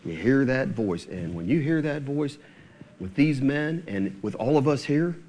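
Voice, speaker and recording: Lively, emphatic male preacher. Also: medium pitch, measured pace. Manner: emphatic preaching with rhetorical questions. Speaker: pastor. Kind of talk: sermon.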